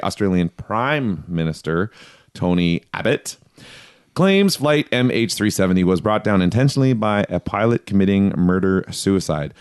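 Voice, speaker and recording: Man, podcast host, low voice, smooth, dry close sound, casual reading. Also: dry recording. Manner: reads notes quickly, laughs at himself. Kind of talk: casual conspiracy podcast chat.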